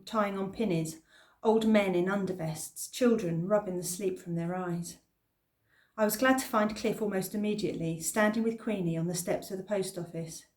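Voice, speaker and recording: A woman reading a children's novel aloud in the first person, with expressive storytelling. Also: mid-range voice. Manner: expressive storytelling, lively emphasis. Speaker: reader. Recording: roomy echo.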